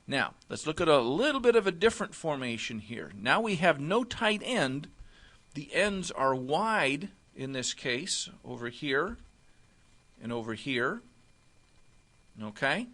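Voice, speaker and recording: A man teaching football defensive alignment step by step, often pausing to check with "okay?". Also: a little high, bright, forceful tone. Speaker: football coach. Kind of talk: instructional walkthrough.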